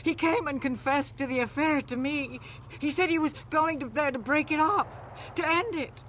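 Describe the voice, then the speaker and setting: A distraught, pleading wife in a video game. Her voice is high and soft, at times dropping almost to a hush. Faint noise hums under her. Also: moderate pace. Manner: pleading, soft, sometimes whispered.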